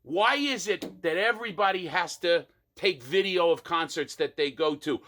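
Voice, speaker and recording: A man performing an exasperated comic rant monologue, mocking people with quick impressions. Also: a little high, pushed and bright.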